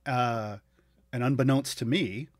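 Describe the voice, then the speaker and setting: A man's voice: medium pitch, unhurried, no echo. Dry-humored man, close dead sound. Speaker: player. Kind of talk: tabletop game chat.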